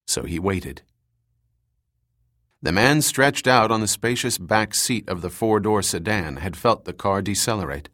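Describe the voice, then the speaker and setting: A man reading an audiobook aloud in a measured, dramatic storytelling manner. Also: fairly low pitch, a bit bright. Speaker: audiobook narrator. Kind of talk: scripted audiobook narration.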